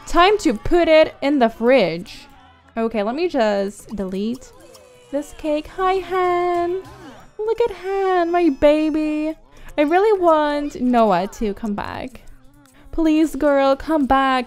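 A young woman chatting bubbly and excited over her life-simulation gameplay, laughing and gasping often. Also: sits high. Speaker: gameplay commentator. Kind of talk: casual gameplay commentary.

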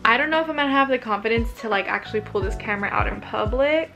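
A young woman vlogging to her camera in an excitable, chatty way, full of "like". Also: fairly high pitch, fast, gravelly. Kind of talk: casual vlog chat. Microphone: handheld camera. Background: background music.

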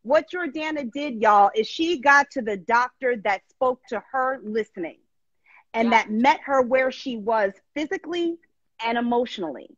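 Woman, interview host, emphatic, talks straight to audience, slightly high voice, dry muffled recording. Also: lively intonation, normal speed, no room sound. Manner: emphatic, addresses audience directly. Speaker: show host. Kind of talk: interview hosting.

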